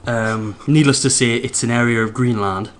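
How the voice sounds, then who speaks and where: A man's voice: mid-range voice, moderate pace. A man, a podcast co-host telling a rambling story with frequent restarts. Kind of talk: casual anecdote telling.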